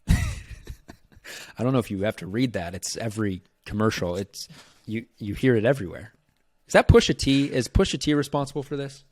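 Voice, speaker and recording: A man's voice: mid-range voice, huge pitch swings, normal speed, pauses often, darkish tone, no room sound. A man hosting a casual sports podcast, easygoing and agreeable, laughing along with his guest. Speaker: podcast host.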